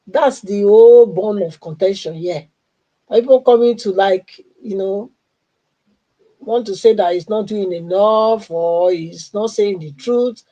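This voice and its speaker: A man speaks slowly on a call-in line in a high, mellow voice. He explains his point in a measured way. The audio comes through dull and muffled. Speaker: caller. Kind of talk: call-in livestream talk.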